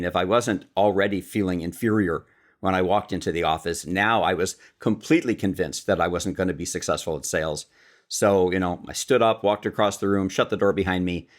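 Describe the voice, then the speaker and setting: A man's voice: deep voice, brisk. A man from Chicago, a sales speaker and author, telling stories as a podcast guest and acting out the quotes. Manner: lively storyteller who acts out quotes. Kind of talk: storytelling in a podcast interview.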